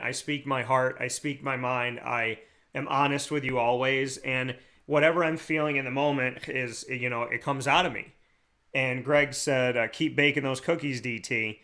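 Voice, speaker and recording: A man's voice: medium pitch, sharp tone. An American man hosting a talk show, speaking with earnest passion and repeating his key phrases for emphasis. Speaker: radio show host. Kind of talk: heartfelt talk show monologue.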